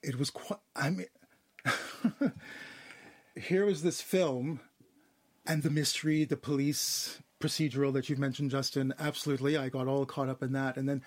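A man's voice: medium pitch, a little mellow. A man being interviewed, speaking in an earnest and thoughtful way. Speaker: interview guest. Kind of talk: conversational interview.

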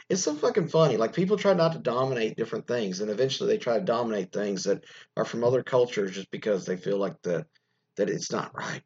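A man in casual commentary, his voice a bit husky and worn. He rambles with plenty of restarts and opinionated asides. The recording sounds dull and slightly muffled. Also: lowish voice, animated, fast talker, darkish tone. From United States. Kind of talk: casual commentary, reading news aloud.

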